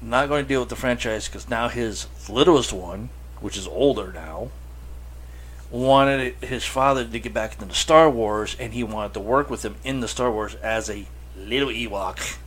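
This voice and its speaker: A man's voice: medium pitch, moderate pace, a bit bright, husky. A man co-hosting a casual chat, telling stories and acting out the reactions he quotes, with swearing. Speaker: podcast co-host. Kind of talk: casual chat about horror films.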